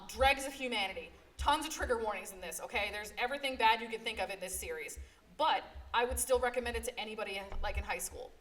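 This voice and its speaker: A woman librarian presenting a live convention panel, telling stories with emphatic energy and frequent "okay?" check-ins. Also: mid-range voice. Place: convention panel room, live before an audience. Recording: distant mic, faint room noise.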